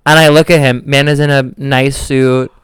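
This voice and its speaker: A man's voice: medium pitch, moderate pace, smooth, dry recording. A young man co-hosting a podcast, telling a story in casual chat and acting out the voices of the people in it. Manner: animated storyteller who acts out quoted voices. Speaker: podcast co-host.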